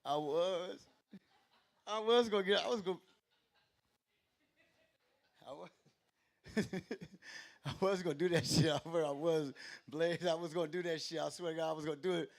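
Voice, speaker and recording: At an open mic in a small club, a man does rambling, profane stand-up comedy into a stage mic, constantly interrupting himself. His voice is on the high side and creaky, fairly even in intonation, at a moderate pace.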